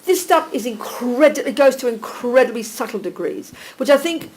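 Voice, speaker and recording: A woman teaching a small group live, animated and direct, checking in with listeners by name and calling them darling. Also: a little high, normal speed, slight background noise, rough recording. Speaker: Buddhist teacher.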